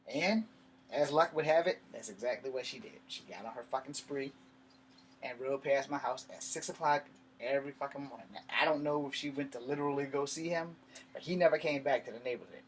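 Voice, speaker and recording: A man's voice: mid-range voice, brisk. A man telling a personal story in a blunt, profane, rambling way, with faint noise in the background. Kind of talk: casual storytelling vlog.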